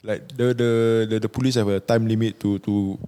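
A man's voice: lowish voice, steady tone, fairly quick, mellow. A young man with a Singaporean English accent, speaking bluntly and full of slang in a casual podcast chat.

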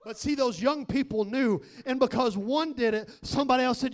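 A man preaching a sermon, telling a personal story and building to shouted exhortation. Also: very high voice, fairly quick, few pauses.

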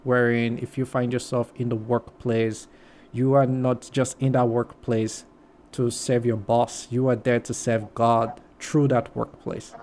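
A man's voice: mid-range voice, little pitch movement, unhurried, a little mellow. A man hosting a faith-centered podcast interview, talking reflectively and often saying "like" as he thinks aloud. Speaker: podcast host. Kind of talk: conversational interview.

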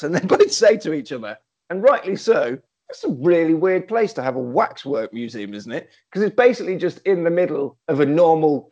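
British man recapping a film, animated. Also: a little high. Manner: animated retelling, acting out lines, laughing. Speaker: podcast co-host. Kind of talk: casual film recap chat.

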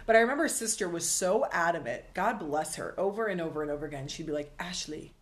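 A woman's voice: lowish voice, expressive, fast talker. A young woman co-hosting a casual faith podcast, earnest and upbeat as she shares her story. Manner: earnest and upbeat, quotes herself in playful asides. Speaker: podcast co-host.

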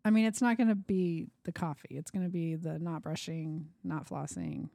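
Gravelly, dark-voiced woman. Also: low-pitched, animated, normal speed. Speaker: podcast co-host. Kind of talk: casual chat with her partner.

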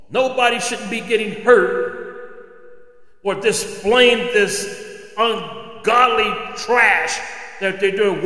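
A man's voice: high-pitched, bright, forceful tone. A man hosting a solo opinion podcast, ranting indignantly and firing off rhetorical questions. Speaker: podcast host. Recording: echoey room with long reverb.

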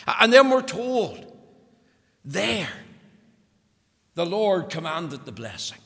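A man's voice: high-pitched, big pitch swings, takes it slowly, vocal fry, pauses often, fairly bright tone, slightly rough. A man preaching a sermon in a church, earnest and emphatic, repeating words for stress. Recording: long hall reverb.

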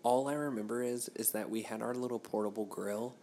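Gravelly man with a Southern twang. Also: mid-range voice, fairly even intonation, brisk, dark tone, a little hiss or hum. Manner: blunt, joking, teasing. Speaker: podcast co-host. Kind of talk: casual chat.

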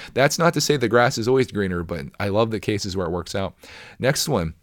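Middle-aged male podcast host, chatty and enthusiastic, lowish voice, dry close sound. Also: expressive, fairly quick, no echo. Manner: enthusiastic and chatty, many restarts. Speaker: podcast host reading listener comments. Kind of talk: casual chat.

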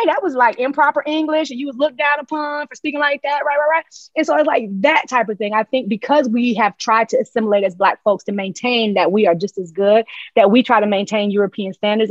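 A woman's voice: fairly high pitch, fast, dry recording, muffled recording. A woman from Charlotte with a North Carolina Southern accent, talking as a podcast guest in an emphatic, passionate way, often tagging "right?". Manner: emphatic, passionate, tag questions. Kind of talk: podcast conversation.

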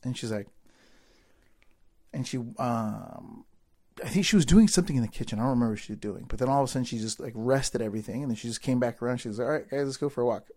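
A man telling a story from his boyhood in a loose, casual way. He drops into low, quiet asides and then rises into loud, excited bursts as he acts out the people in it. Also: rapid-fire. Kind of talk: storytelling speech.

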